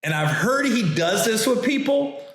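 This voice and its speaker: Animated man telling a story, echoey room. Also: high-pitched, normal speed. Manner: animated, acts out quoted voices, laughs often. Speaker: comedian host telling a story. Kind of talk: casual storytelling.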